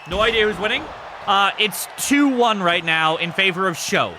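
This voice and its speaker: A man hosting a live stream, giving casual commentary on a wrestling game with excitable, crude joking. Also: high voice, moderate pace, a little hiss or hum. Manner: excitable, crude and joking, yelps at big moves.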